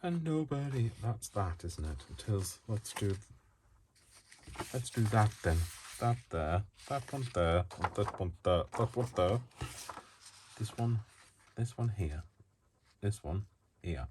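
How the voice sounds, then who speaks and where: Casting: a deep-voiced man, chatty craft vlogger, self-mocking asides, noisy home recording. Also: expressive, slow, pauses often. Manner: rambling, self-mocking, talks to himself while working. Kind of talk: casual chat while crafting. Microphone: built-in camera mic, mic not working.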